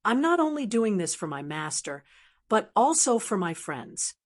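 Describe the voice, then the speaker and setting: A woman's voice: medium pitch, very animated, moderate pace. A woman voicing an earnest young man who anxiously begs his friend not to fight. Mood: pleading. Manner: begging, anxious.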